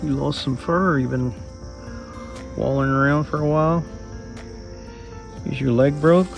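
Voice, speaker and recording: Over soft background music, a man with a mid-range voice and some vocal fry talks a little slowly with fairly even intonation. This folksy outdoor vlogger chats with his viewers, whom he calls "y'all," while camping in the woods.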